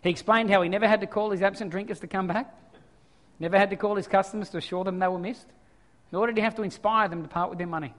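A male pastor preaching a sermon, swinging from quiet scripture reading to loud animated asides. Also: sits high, fast, big-room sound.

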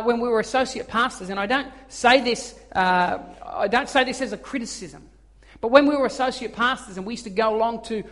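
A man preaches with a very high-pitched voice, bringing his stories to life by acting out the quotes. His sermon rings with a long reverb, as if he is in a large church hall. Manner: animated storytelling with acted-out quotes. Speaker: pastor.

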